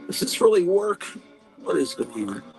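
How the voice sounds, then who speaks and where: A man's voice: high-pitched, big pitch swings, moderate pace, gravelly, faint music behind, low-quality recording. A man hosting a live stream from home, chatting in a rambling, self-deprecating way among his comic books. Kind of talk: casual live-stream chat. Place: home room stacked with comics.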